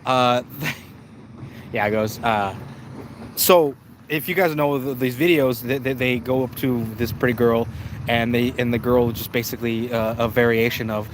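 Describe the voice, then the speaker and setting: A young man live-streaming, retelling videos in a profane, animated, slangy way, full of stammered restarts. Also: medium pitch, unhurried, a little hiss or hum. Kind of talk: casual live-stream storytelling.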